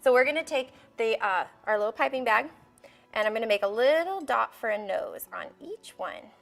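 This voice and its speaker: With faint music behind her, a young woman hosts a live kids' baking demonstration, her voice on the high side, animated, creaky, a bit bright, and at a moderate pace. She's bubbly and coaxing, talking straight to the children at home.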